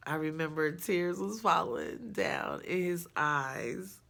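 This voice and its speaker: A woman's voice: lowish voice, slow pace, creaky, fairly bright tone. A young woman telling a personal story in a casual, frank, chatty way, laughing often. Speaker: storyteller vlogger.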